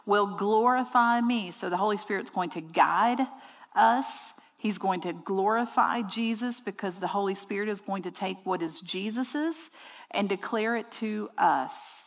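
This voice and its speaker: Gravelly woman teaching in an echoey hall. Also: mid-range voice, a little slow. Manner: emphatic, repeats words for stress, conversational asides. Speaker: women's Bible study teacher. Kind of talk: teaching sermon.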